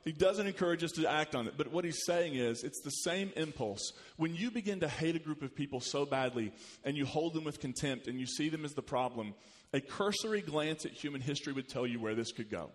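Man preaching a sermon in a reverberant hall. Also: a little fast. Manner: animated, rises in pitch and volume when quoting scripture. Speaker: pastor.

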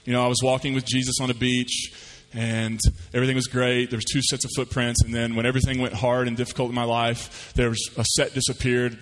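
Telling his sermon like a homespun story, this pastor moves quickly and barely pauses, taking on the voices of the characters he describes. His pitch is ordinary, and each line echoes with long church reverb.

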